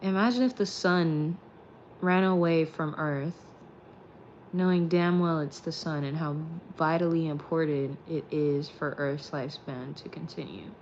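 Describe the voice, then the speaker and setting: A woman with a slightly low voice talks in a loose, rambling way, swearing freely as she chats through a late-night vlog. She is recorded inside a car, and the audio is a bit muffled and lo-fi. A faint hum of car noise runs underneath her voice. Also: unhurried, darkish tone. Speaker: streamer and vlog host. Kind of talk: casual late-night chat.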